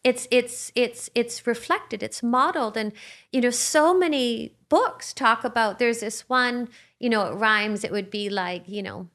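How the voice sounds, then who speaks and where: A woman's voice: on the high side, unhurried, fairly bright tone. A woman co-hosting a podcast, talking reflectively and searching for her words in casual conversation. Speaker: podcast co-host.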